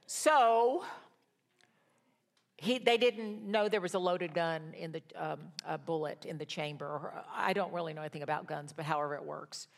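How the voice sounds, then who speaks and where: An older woman teaching a Bible study in a sermon style, telling stories that move from hushed to rousing. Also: sits low, moderate pace, vocal fry. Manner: storytelling, swings from hushed to rousing.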